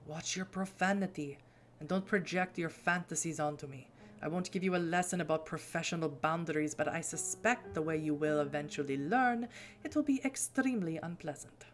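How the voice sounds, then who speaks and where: A woman's voice: deep voice, normal speed, soft background music, close to an everyday voice. A woman voicing a cold, stern male vampire sheriff. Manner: cold, clipped and formal.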